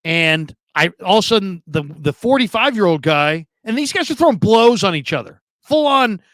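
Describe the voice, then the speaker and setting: High-voiced man hosting a sports stream. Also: big pitch swings, moderate pace, a bit bright, no room sound. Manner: joking storyteller, reads chat comments aloud. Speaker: podcast host. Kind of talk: casual live-stream sports chat.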